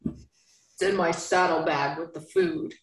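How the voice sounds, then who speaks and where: A woman's voice: on the low side, fairly even intonation, takes it slowly, voice pushed down. A woman voicing a rugged male lover from a romance novel with a put-on Southern drawl, read aloud in a roomy space. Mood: teasing.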